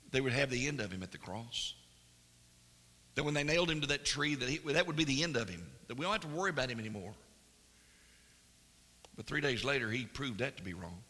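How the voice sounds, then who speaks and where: A man preaching a sermon, moving between hushed, slow emphasis and loud, excited storytelling. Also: medium pitch, husky. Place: church sanctuary. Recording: long reverb of a church hall.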